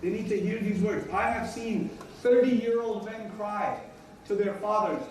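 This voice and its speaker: A man with a high voice delivers a religious lecture, stressing his points by repeating them and slipping into short acted-out exchanges. He sounds far from the mic, in a very echoey room with a faint hiss behind him. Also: unhurried. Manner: emphatic, repeats key lines, acts out everyday dialogues. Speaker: Islamic teacher.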